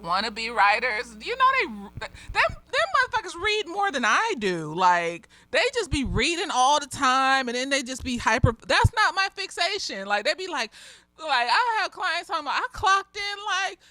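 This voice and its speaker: A slightly tipsy woman therapist giving a casual, profane review with lots of giggling and animated storytelling. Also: sits high, normal speed, no echo.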